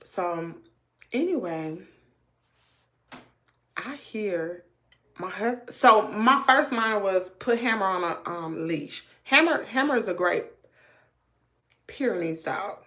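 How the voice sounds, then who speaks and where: A woman, telling a story to her viewers in a chatty, animated way with lots of asides. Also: medium pitch, slow pace, long pauses. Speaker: family vlogger.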